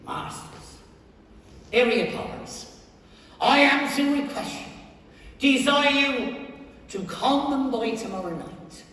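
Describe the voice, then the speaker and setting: A man's voice: extremely high pitch, animated, slow pace, long pauses, bright, forceful tone, voice pushed up, full character voice. A man on stage playing a fussy male carpenter who organises a troupe of amateur actors in a bossy way. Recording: echoey theatre hall from far off.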